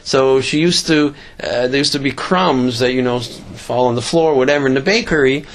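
A man with a medium-pitched voice teaches a religious lesson through a story. He halts often, repeating words and starting his sentences over.

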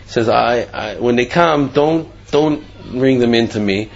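Man, Torah class, gravelly husky voice, dull lo-fi sound. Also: medium pitch, measured pace. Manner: conversational, acts out voices in the story with laughs. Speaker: Torah teacher. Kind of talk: Torah class with a told story.

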